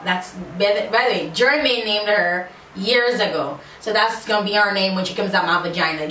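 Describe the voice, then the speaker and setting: A sassy, playful Jamaican woman in her thirties, chatting through a question tag at a middle pitch. She is recorded on a phone from a bit of a distance in an echoey room. A faint wash of ambient noise sits behind her. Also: lively intonation, brisk, few pauses, a bit bright. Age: 30s. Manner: sassy, playful, breaks into little sung bits. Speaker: YouTuber. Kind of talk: casual Q&A tag video. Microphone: phone camera.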